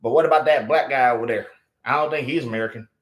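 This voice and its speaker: A man putting on the voice of a dim, high-voiced bigoted American man who talks in a whiny, dismissive way. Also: fast, a little hiss or hum, natural voice. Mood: scoffing. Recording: roomy echo.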